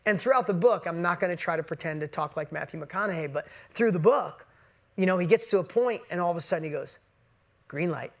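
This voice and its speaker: A man's voice: sits high, fast talker. A man giving an emphatic motivational talk to a live online audience, often repeating and restarting his words. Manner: emphatic, repetitive, self-interrupting. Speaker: motivational coach.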